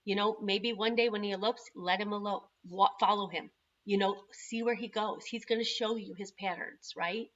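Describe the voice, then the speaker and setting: Woman, parent advocate, crisp bright tone, lively storyteller, dull lo-fi recording. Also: medium pitch, normal speed, slight background noise. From Chicago. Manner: acts out dialogue in quotes. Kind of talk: animated storytelling.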